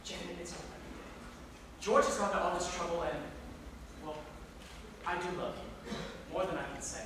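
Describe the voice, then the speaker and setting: A man's voice: high voice, normal speed, noisy background, close to an everyday voice. A man playing an earnest, lovesick young groom in an amateur stage musical, pleading in tone. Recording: echoey theatre from far off, with music.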